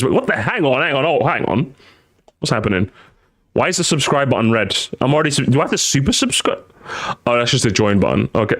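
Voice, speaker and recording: Talking at a quick pace, a young man keeps his live-stream chat casual, animated and full of jokes, with occasional high, squeaky exclamations.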